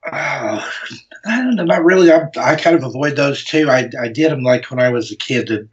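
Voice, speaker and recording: A man's voice: mid-range voice, lively intonation, moderate pace. A man in casual chat, speaking hesitantly with many fillers and restarts. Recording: muffled lo-fi audio.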